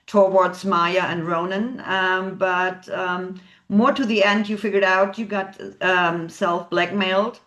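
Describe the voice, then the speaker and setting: A woman's voice: mid-range voice, fairly even intonation, takes it slowly, hardly any pauses, a bit bright, highs cut off. Woman, interviewer, hesitant, frequent fillers, plain delivery. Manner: hesitant, many filler sounds. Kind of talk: interview questions.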